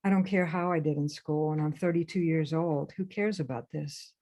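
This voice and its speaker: A woman author reading her own memoir aloud for a webinar, in a measured, intense first-person delivery. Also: deep voice, warm tone. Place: remote webinar.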